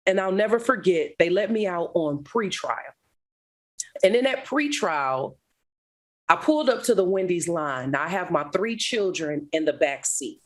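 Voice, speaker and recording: Woman guest telling her life story, lively and dramatic, middle-aged. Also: on the low side, a little slow. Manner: animated, dramatic retelling with laughter. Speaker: guest speaker. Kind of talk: storytelling testimony.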